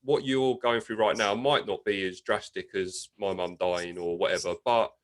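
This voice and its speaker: A man's voice: lowish voice, fairly even intonation, normal speed. A young man hosting a casual interview, chatty and often restarting his words. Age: young adult. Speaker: host.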